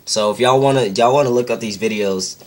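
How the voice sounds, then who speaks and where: A man's voice: mid-range voice, fairly quick. A young man casually retelling videos in a rambling way, full of "like"s and self-corrections. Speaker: vlogger.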